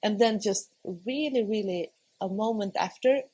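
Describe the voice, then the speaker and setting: A woman's voice: mid-range voice, unhurried, slightly rough, poor audio. A woman in her thirties, a podcast guest, telling a personal story in a conversational way, often laughing and acting out her own past words. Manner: laughs often, animated quoting of herself.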